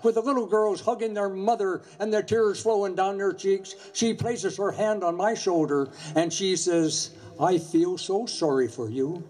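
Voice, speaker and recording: A man's voice: high-pitched, fairly even intonation, darkish tone. Earnest older man giving a memorial speech. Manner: earnest, measured storytelling. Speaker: retired Coast Guard station commander.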